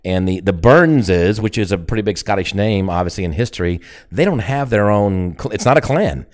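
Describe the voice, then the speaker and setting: A man co-hosting a podcast, rambling and halting in casual chat. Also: fairly low pitch, lively intonation. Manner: rambling, halting, restarts often. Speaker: podcast co-host.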